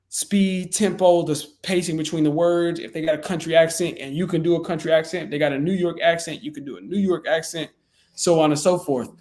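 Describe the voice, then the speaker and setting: A man's voice: on the high side, a little mellow. A man coaching real estate sales in a loose, conversational way with frequent fillers and restarts. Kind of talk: casual teaching talk.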